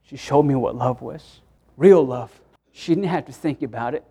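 A man's voice: mid-range voice, moderate pace, mellow, husky. A middle-aged man preaching a sermon as pastor, impassioned and acting out prayers and quotes, often stammering as he restarts.

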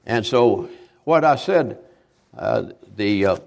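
An older man, a visiting evangelist giving a homespun sermon testimony, halting and repeating himself as he tells his stories. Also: on the low side, lively intonation, vocal fry, darkish tone. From Kentucky, USA. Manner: halting, repetitive, homespun storytelling.

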